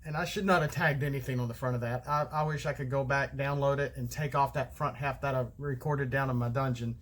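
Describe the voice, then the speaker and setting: A middle-aged man with a Southern American accent, a card game vlogger, rambles through a casual solo monologue, often losing his thread and using many fillers. His voice is mid-range, steady in tone, and brisk.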